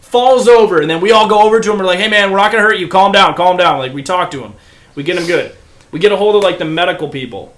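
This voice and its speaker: A man's voice: high-pitched, fast, a bit bright. A young man, a podcast guest, telling a wild story casually, swearing freely and acting out the voices of the people in it. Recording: echoey room.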